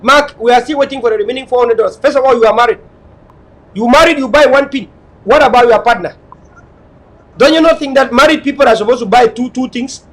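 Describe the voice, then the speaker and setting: A man's voice: very high voice, brisk, a bit bright, rough recording. A man, hosting a talk show and lecturing his listeners in a hectoring, repetitive way. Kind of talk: online talk show monologue.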